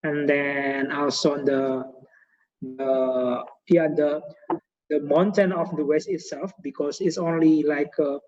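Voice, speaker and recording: Over a muffled, echoey video call, an Indonesian-accented man hosting a guest lecture webinar speaks hesitant English slowly. His slightly high voice is steady and a little mellow, and he leans on many fillers and repeated words.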